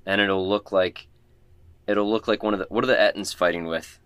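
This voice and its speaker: A man's voice: fairly low pitch, fairly even intonation, a little fast, a bit bright, clear, resonant tone. A man playing a tabletop game, easygoing and thinking aloud. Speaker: player.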